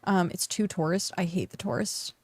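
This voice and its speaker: A woman's voice: lowish voice, normal speed, breathy edge, no echo. Chatty woman streamer, dry close sound. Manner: chatty, rambling, many fillers and restarts. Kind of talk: casual chat while gaming.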